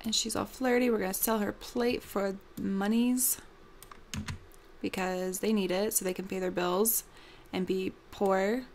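A young woman giving casual gameplay commentary at her desk mic, bubbly and gushing, full of ums. She talks at an unhurried pace with a slightly gravelly, fry-tinged voice. Faint keyboard typing sits in the background. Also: medium pitch, steady tone, a little mellow, a little hiss or hum. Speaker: let's play host.

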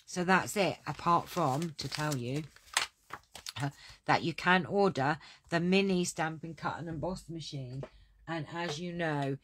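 A woman's voice: low-pitched, noisy background. A middle-aged woman chatting through a craft catalogue, gushing and repeating her praise. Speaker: crafting demonstrator. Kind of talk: casual product walkthrough.

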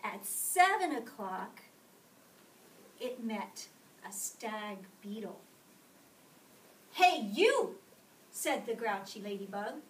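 A woman reading a picture book aloud to a kindergarten class, slowly and expressively, often checking in with the children. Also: mid-range voice. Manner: slow and expressive, asking the children questions. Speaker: storyteller. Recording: echoey classroom from far off.

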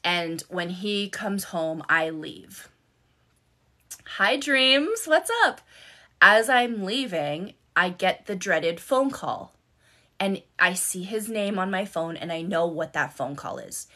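A woman's voice: lowish voice, slow pace, bright, forceful tone. A middle-aged woman telling her own story on a live stream, candid, swearing freely and repeating words for emphasis. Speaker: life coach and content creator on a live stream.

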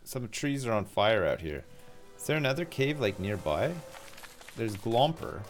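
A man's voice: fairly low pitch, sing-song, a little slow, faint music behind. A man streaming a survival game live, chatting to his viewers in a joking, self-mocking way and swearing freely. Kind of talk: live gameplay chat.

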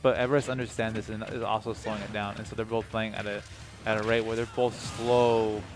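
A young man commentating a live video game tournament, excitable, laughing often and repeating himself, his voice tired and low. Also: quick pace. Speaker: esports commentator. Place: gaming tournament at a sports center. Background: music.

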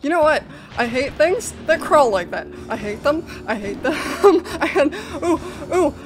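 A young woman with a high voice talks her way through a horror game. She is jittery and panicky, and she keeps breaking into nervous laughter. Faint game music sits underneath her voice. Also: sing-song, measured pace. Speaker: gaming video host. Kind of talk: horror game let's play commentary.

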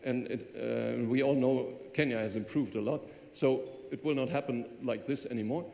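A man gives a genial, conversational public address, now and then repeating himself. His voice sits at an ordinary middle pitch. The long reverb of a big hall trails after each phrase. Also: steady tone, normal speed, vocal fry, darkish tone. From Germany. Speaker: visiting diplomat giving a lecture. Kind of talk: public speech and audience reply. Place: large lecture hall.

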